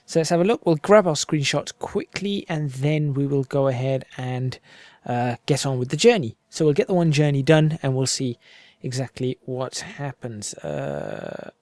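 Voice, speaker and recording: A man's voice: mid-range voice, expressive, normal speed, a little mellow, no echo. A man chatting casually over his gameplay, rambling along and talking himself through each step as he goes. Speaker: gaming video creator. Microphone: home desk microphone.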